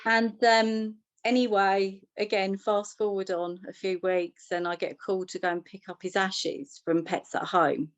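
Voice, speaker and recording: A woman's voice: medium pitch, fairly even intonation, unhurried, hardly any pauses, no room sound, rough recording. A woman telling personal stories in a chatty way, with humour and restarts. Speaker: podcast co-host. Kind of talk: personal storytelling in a conversation.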